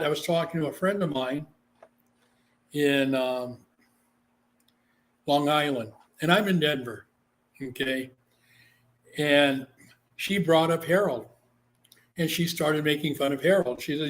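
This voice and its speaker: A man's voice: fairly high pitch, a little slow, long pauses. A man from Guam, a psychic medium, telling a story in a casual interview and acting out the voices he quotes. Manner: animated, acts out quoted voices.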